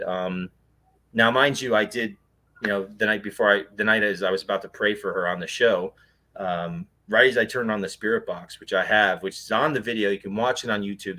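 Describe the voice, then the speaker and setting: A man's voice: lowish voice, steady tone, brisk, bright, forceful tone. A man, a guest on an interview show, earnestly recounting a personal experience in a rambling way, full of fillers and restarts. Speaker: guest, paranormal investigator.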